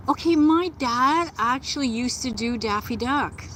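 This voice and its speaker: A woman chatting gently on a live stream from outdoors, laughing often. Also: sits high, unhurried, hardly any pauses, slight background noise, rough recording. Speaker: vlogger. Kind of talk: casual live-stream chat. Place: outdoors in nature.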